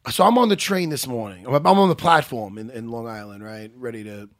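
A man's voice: mid-range voice, a little fast, no room sound, studio quality. A man co-hosting a podcast in casual chat, laughing, swearing and getting emotional as he rambles. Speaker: podcast co-host.

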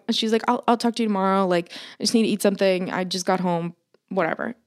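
A woman's voice: medium pitch, fairly even intonation, rapid-fire. A woman in her thirties, co-hosting a podcast, telling a long story in casual chat and swearing freely. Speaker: podcast co-host.

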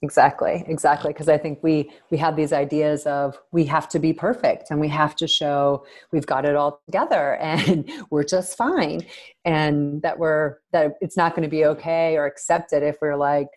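A woman's voice: low-pitched, fairly even intonation, moderate pace, darkish tone. A woman psychologist as a podcast guest, speaking earnestly and reflectively and thinking aloud with frequent fillers. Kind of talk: podcast interview.

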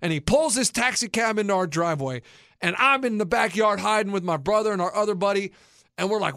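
A man in his thirties with a notably high voice spins a childhood story with lots of energy, jumping into the voices of the people in it. The sound is close and dry, with no room around it. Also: fast talker, gravelly, no room sound. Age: 30s. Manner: animated, acts out quoted voices. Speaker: podcast host. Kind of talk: casual storytelling chat.

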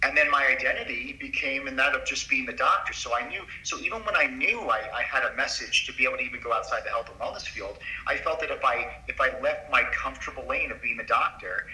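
A man's voice: medium pitch, pushed and bright. Middle-aged man, earnest and confiding, emphatic, distant from mic, echoey room. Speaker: doctor as podcast guest. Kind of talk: confessional storytelling in a conversation. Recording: roomy sound from a distance off mic.

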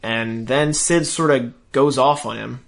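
Male podcast co-host, casual recap, animated storyteller, mid-pitch. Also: a little slow, vocal fry. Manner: chatty, animated retelling with quoted voices. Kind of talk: casual chat recapping a show.

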